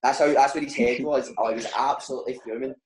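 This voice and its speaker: A man's voice: medium pitch, fast talker, reverberant, a little hiss or hum, poor audio. A man with a Scottish accent, a footballer guest telling stories in a casual chat and laughing often. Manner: laughs often, animated anecdotes. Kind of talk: casual storytelling.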